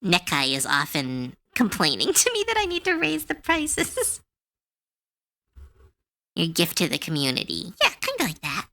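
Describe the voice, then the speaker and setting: A woman streamer chats casually while drawing on a live art stream. Her voice sits a little low but swings widely in pitch, with a bright, sharp edge. She rambles in an animated way, full of fillers and restarts. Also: measured pace. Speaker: artist streamer.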